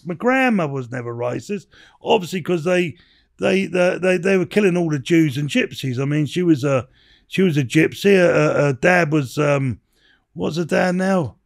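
A high, gravelly-voiced man in his sixties, formerly a bare-knuckle boxer, appears as a podcast interview guest. He wanders from story to story, swearing freely and saying "you know what I mean," at the easy pace of a casual chat.

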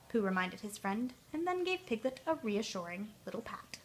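A woman storyteller reading a children's storybook aloud, clear and expressive. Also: mid-range voice, normal speed, few pauses, a little hiss or hum.

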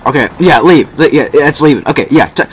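A young man giving excited, boastful commentary while playing a shooter game. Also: a little high, brisk, background noise. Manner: boastful, frustrated, exclaiming. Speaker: gamer narrating his match. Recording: faint gunfire from the game behind.

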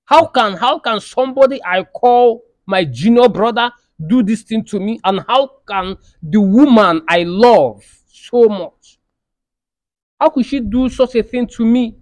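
A heartbroken husband, played by a Nigerian man in a comedy skit. His voice sits high and is recorded dry and close. He wails and threatens in aggrieved outbursts. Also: measured pace, no echo. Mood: bitter. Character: betrayed husband, outraged and heartbroken.

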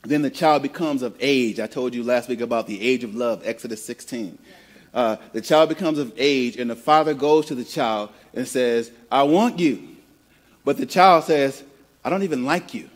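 A man's voice: medium pitch, normal speed. A male pastor from the American Midwest preaching a conversational sermon, often repeating words as he builds a point and prompting the congregation to repeat phrases back. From Midwest of the United States.

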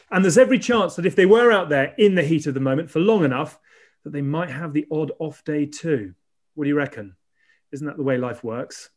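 A man hosting a podcast, delivering a rhetorical, emphatic opening before chatting casually. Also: fairly high pitch. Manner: rhetorical and emphatic, building lists. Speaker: podcast host. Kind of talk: scripted monologue, then casual chat.

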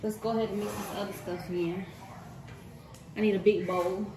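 A cooking vlogger in her thirties chats casually with her viewers while cooking in her home kitchen, speaking straight to the camera. Her mid-range voice is steady at a moderate pace, and the kitchen sounds echoey with faint room noise.

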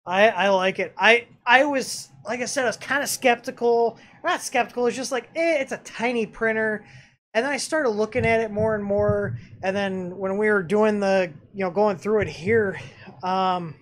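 In a casual live stream, a channel host reviews a 3D printer, his high, fairly bright voice moving at a moderate pace. The talk is rambling and full of fillers like "um," with frequent restarts.

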